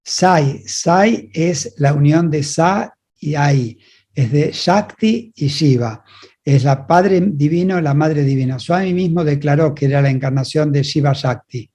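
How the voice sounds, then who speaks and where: A man's voice: on the high side, moderate pace, a little mellow. A man interpreting a spiritual talk, relaying each passage in short phrases and restarting now and then.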